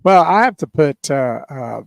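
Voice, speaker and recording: A man co-hosting a radio show, easygoing and quick to laugh. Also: a little high, expressive, gravelly, no room sound, clean studio sound. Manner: laughs often, easygoing reactions. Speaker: radio co-host. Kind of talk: casual radio chat.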